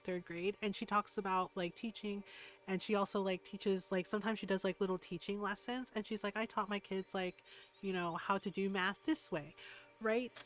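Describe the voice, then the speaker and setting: A woman streamer in casual chat, ranting heatedly with lots of swearing and frequent "like" and "right?". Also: medium pitch.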